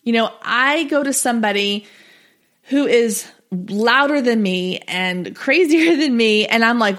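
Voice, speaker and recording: A woman in her thirties talks straight to her listeners in a solo podcast episode. Her voice sits a little high, and her delivery is direct, chatty and encouraging, with quick lively asides. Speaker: podcast host and business coach for photographers. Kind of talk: solo podcast coaching talk.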